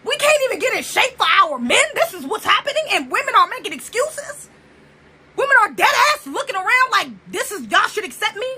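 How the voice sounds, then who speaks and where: A woman's voice: extremely high pitch, sing-song, a little fast, crowd noise. A young woman from the United States ranting to camera in an emphatic, profane way, firing off rhetorical questions. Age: young adult. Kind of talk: opinion rant to camera.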